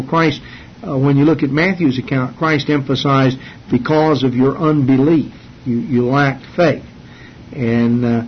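A man teaching a sermon from the Bible, earnest and halting, with many fillers and restarts. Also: mid-range voice. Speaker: preacher. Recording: dull lo-fi sermon recording with faint hiss.

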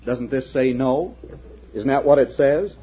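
A man preaching a sermon, firing rhetorical questions and swinging between loud declarations and hushed asides. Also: medium pitch, unhurried, slightly rough, dull audio. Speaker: minister preaching to a congregation.

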